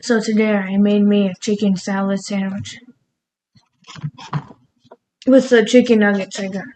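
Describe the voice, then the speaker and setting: A woman's voice: medium pitch, fairly even intonation, measured pace, warm tone, a little hiss or hum, low-quality recording. A woman cooking in her home kitchen, rambling casually and laughing at herself as she talks through her recipe. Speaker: cooking vlogger. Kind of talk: casual cooking vlog chat.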